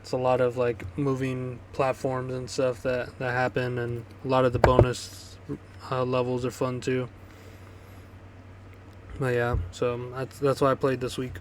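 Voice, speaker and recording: Male co-host, loose rambling chat, flat and even pitch. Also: unhurried, background noise. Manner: loose, rambling, swears casually. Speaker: podcast co-host. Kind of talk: casual chat.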